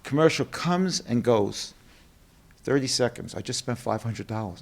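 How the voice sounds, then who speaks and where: Gravelly New York businessman telling stories. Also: medium pitch, normal speed. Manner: animated storyteller acting out quotes. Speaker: guest, company co-president. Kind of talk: storytelling interview.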